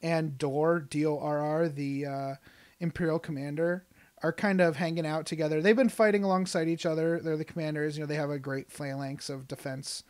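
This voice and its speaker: Excitable, rambling podcast co-host. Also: medium pitch, a little fast. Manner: enthusiastic, rambling, laughs often. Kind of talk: casual chat.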